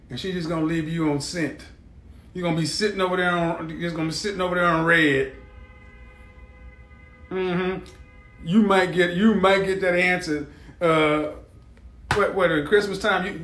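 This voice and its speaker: A man with a high-pitched voice hosts a casual livestream. He reads comments from his viewers aloud and answers them with mocking sarcasm. He hammers home his jokes by repeating them. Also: a bit bright. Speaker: livestream host.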